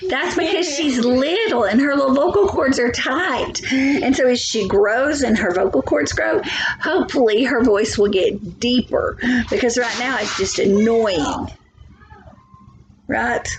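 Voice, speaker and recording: A woman's voice: a little high, unhurried, a crowd in the background, rough recording. A woman teacher giving a biology lesson from home, chatty, thinking aloud and asking for agreement.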